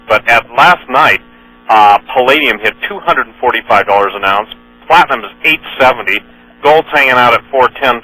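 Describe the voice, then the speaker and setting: Heard through a low-quality recording, a man with a sharp, mid-range voice runs a radio talk show. He reads news and quotes in an earnest manner, full of fillers and frequent self-corrections in the middle of sentences.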